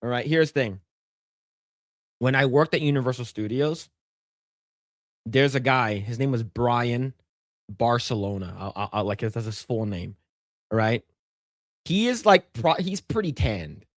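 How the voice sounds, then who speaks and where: A man co-hosting a casual livestream, spinning a long anecdote in loose, profane talk. He stumbles and restarts often, and his voice sits at an ordinary middle pitch. The sound is dry and close, with no room around it. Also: animated, measured pace, long pauses, no echo. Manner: rambling, profane storytelling with many restarts. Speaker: podcast co-host.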